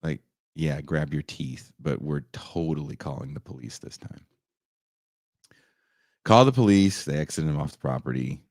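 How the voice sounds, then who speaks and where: A man on a podcast telling a story casually, animated and profane, often leaping up in pitch for emphasis. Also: moderate pace, long pauses, dry recording, clean studio sound. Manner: animated, profane, jumps into high voices for emphasis.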